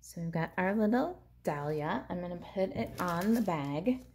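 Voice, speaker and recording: A woman's voice: fairly low pitch, animated, normal speed, darkish tone, slight background noise. A woman demonstrating a papercraft project, chatting in an upbeat way as she narrates each hands-on step. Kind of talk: crafting tutorial.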